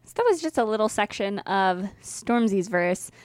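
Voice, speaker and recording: A woman's voice: mid-range voice, expressive, moderate pace. A young woman co-hosting a music podcast, chatting casually and enthusiastically with frequent ums and laughs. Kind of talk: casual music review chat.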